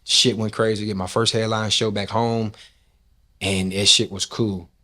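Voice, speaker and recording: A man from Nashville with a fairly low voice talks casually in an interview, loose and profane. He tells long stories and acts out the lines of the people in them. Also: unhurried. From Nashville, Tennessee. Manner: loose, profane, animated storytelling with acted-out quotes. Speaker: guest, rap and R&B artist.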